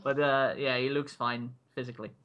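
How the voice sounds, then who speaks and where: A man's voice: medium pitch, flat delivery, a little fast, clear, resonant tone, highs cut off. A man running a tabletop game as game master, narrating loosely with lots of "like" and laughter. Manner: laughing, rambling with many "like"s.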